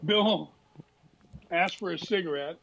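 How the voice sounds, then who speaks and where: An older man telling lively anecdotes as a talk show guest, dropping into quick impressions of other people. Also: high-pitched, creaky, rough recording. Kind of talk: casual storytelling interview.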